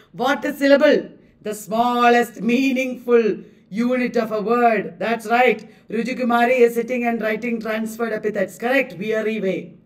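A woman with an Indian English accent teaching a live online class, lively, laughing often and repeating words with exaggerated stress. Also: a little high, recorded from a distance. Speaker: online exam-prep teacher.

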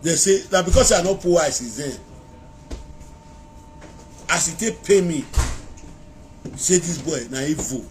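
A man with a Nigerian Pidgin accent talks straight into a phone held close to his face, his voice sitting a little high for a man. He rambles in a casual, animated live-video monologue to his followers. Now and then he slips into chanted praise calls, with a faint hiss of noise behind him. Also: unhurried, pauses often. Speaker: social media vlogger.

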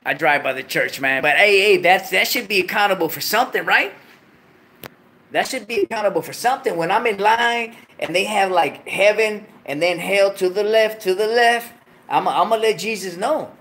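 A man's voice: high-pitched, normal speed, pushed and bright. A man hosting a late-night livestream, talking casually, full of slang and profanity and joking between laughs. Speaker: livestream host.

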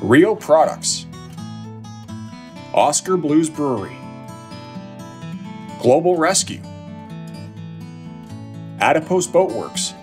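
A man's voice: fairly high pitch, big pitch swings, takes it slowly, pauses often, faint music behind. A man hosting a fishing show, delivering a scripted, upbeat episode sign-off. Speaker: show host.

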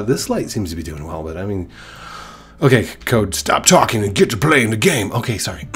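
Young male gamer, congested, lowish voice, chatty and self-deprecating over gameplay. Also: a little mellow, breathy edge. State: stuffed-up nose. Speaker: gaming YouTuber. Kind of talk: casual gameplay commentary.

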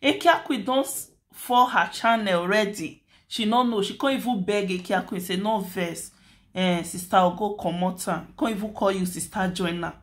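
A woman's voice: mid-range voice, moderate pace. A woman with a Nigerian accent hosting a commentary channel, talking through a dispute in a chatty, lecturing way and repeating her points. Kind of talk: casual commentary in Nigerian Pidgin.

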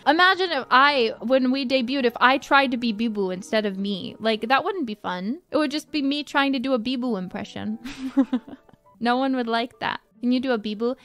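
A woman streamer talks casually to her viewers in a slightly high voice, rambling, giggling and gushing with affection. She often downplays her own skills with a laugh. Quiet music plays faintly behind her. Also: a little fast.

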